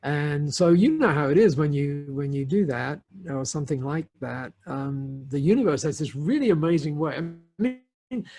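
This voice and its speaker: A man's voice: fairly high pitch, lively intonation, normal speed, creaky, a little mellow. A middle-aged man on a podcast, telling a story in a casual, rambling way with many restarts and fillers and frequent laughs. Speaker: podcast guest, entrepreneur.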